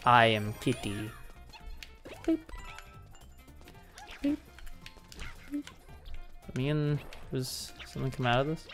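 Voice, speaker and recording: A man's voice: mid-range voice, huge pitch swings, slow, long pauses, a bit bright, soft background music. Tipsy man rambling over a game. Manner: rambling, joking, swears casually. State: a little tipsy. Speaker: gameplay streamer. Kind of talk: casual gaming commentary.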